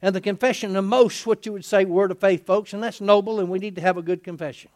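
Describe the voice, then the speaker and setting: A middle-aged man preaching a lively sermon in a folksy way. He laughs often, asks his listeners "isn't that right?" and acts out the people in the passage he is reading. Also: high voice, quick pace. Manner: animated, folksy, laughing often, acting out quotes.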